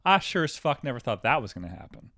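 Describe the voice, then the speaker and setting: A man's voice: mid-range voice, big pitch swings, fast talker, sharp tone, dry recording, clean studio sound. A man co-hosting a comedy podcast, talking in profane, rambling banter. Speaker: podcast co-host.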